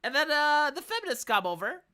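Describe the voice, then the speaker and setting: Romanian-accented woman, live stream rant, swearing and exasperated, lively swooping delivery. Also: high-pitched, fairly quick. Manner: profane, exasperated, animated. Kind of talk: casual commentary rant.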